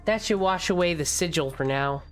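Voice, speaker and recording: A woman with a lowish voice reads a visual novel aloud in the first person, dramatic and expressive. She drops in jokey asides between lines. Faint game music plays behind her. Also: moderate pace. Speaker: streamer reading a visual novel.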